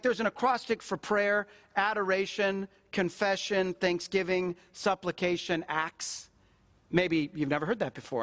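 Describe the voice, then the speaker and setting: A man's voice: high voice, fairly bright tone. A middle-aged man, a pastor, preaching a sermon in a conversational way and repeating phrases for emphasis.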